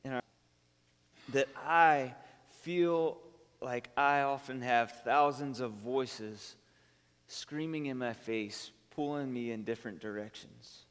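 A pastor in his thirties talks his congregation through a personal story at a mid-range pitch. He speaks loosely, with fillers and restarts. The sound carries a long reverb from the hall around him. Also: takes it slowly, smooth. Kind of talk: sermon.

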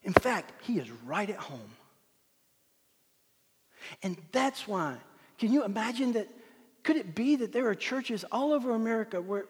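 Pastor, male, high husky voice, dramatic sermon delivery with sudden drops to a whisper, long hall reverb. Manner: dramatic, swings from loud proclamation to hushed whispers. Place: church sanctuary.

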